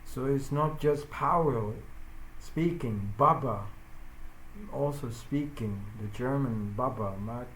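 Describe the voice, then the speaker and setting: Slow, halting man in a roomy space. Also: medium pitch, a bit bright. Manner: halting, searching for words, non-native grammar. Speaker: forex trader. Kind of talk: casual live trading chat. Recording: roomy with faint noise.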